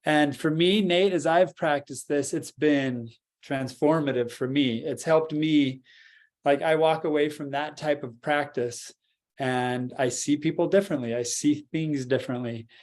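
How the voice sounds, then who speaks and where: A man co-hosting a podcast, guiding a meditation and then chatting calmly and reflectively. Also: a little high, measured pace. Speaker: podcast co-host. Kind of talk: guided meditation and casual talk.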